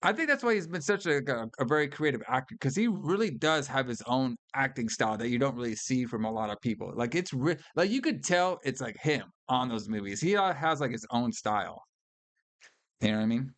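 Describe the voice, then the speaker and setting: A man's voice: medium pitch, expressive, brisk, fairly bright tone, dry recording. A man co-hosting a casual film review podcast, talking loosely with plenty of swearing and laughter. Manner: loose, profane, laughs often, fond of "all right" and "brother". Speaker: podcast co-host.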